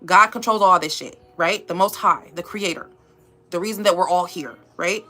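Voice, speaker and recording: Bright emphatic woman YouTuber. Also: on the low side, moderate pace, soft background music. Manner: emphatic, repetitive, calls viewers y'all and babe. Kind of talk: motivational pep talk.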